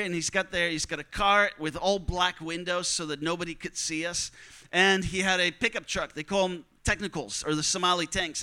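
Storyteller, male: high, clear voice, animated and joking, acts out dialogue. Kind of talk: personal travel story told to an audience.

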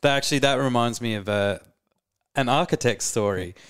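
A relaxed man co-hosting a podcast, with a clean, smooth voice at a middle pitch. He rambles through a band anecdote, filling his lines with "like" and "um.". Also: normal speed. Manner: relaxed, frequent "like" and fillers. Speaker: podcast co-host, band musician. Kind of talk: casual storytelling chat.

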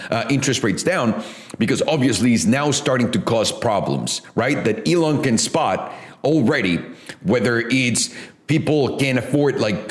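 A man hosting a casual finance commentary, blunt and profane in how he talks. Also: medium pitch. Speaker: host. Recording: echoey room.

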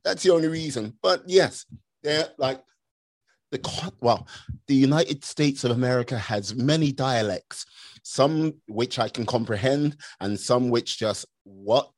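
A man's voice: mid-range voice, a little slow, dry recording. A British man hosting a casual interview, chatty and playful, with lots of fillers. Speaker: interview host.

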